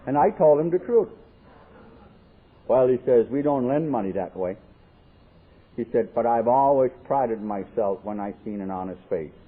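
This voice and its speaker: A recovery convention speaker with a mid-range, breathy-edged voice tells his life story in a convention hall, joking and voicing the dialogue himself. The sound comes from a tinny, lo-fi 1979 tape with faint hiss.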